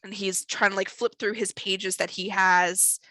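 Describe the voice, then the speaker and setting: A woman narrating as game master of a tabletop role-playing game, relaxed, with many fillers. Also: medium pitch, unhurried, no echo, poor audio.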